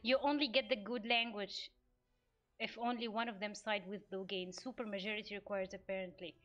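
A woman's voice: mid-range voice, steady tone, a little fast, fairly bright tone, dull audio. A young woman streaming a video game live, venting her exasperation at the characters as she plays. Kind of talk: live gameplay commentary.

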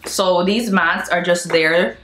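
A woman's voice: lowish voice, fairly even intonation, slow, fairly bright tone, reverberant. A young woman chatting casually to her viewers in a home vlog, gushing over each thing she shows. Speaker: vlogger. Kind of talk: casual haul vlog chat.

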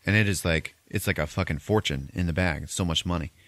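A man's voice: low voice, fast talker, fairly bright tone, no echo. A man hosting a podcast, recapping a movie in a loose, profane, rambling way with frequent laughs. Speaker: podcast host.

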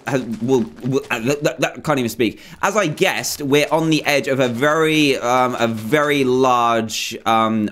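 A young man with a mid-range voice hosts a gaming video, chatting casually over the gameplay. He's excitable and rambling, with plenty of ums and frequent self-corrections.

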